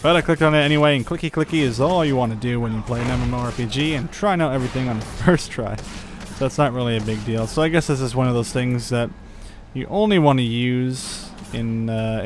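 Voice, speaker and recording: A man's voice: medium pitch, a little fast, background noise. A young man giving casual gameplay commentary, thinking aloud with lots of fillers and chuckles. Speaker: gaming channel host.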